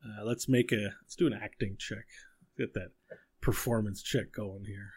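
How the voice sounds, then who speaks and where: A man's voice: fairly low pitch, steady tone, moderate pace, husky. A man narrating as game master, describing scenes with fillers and restarts.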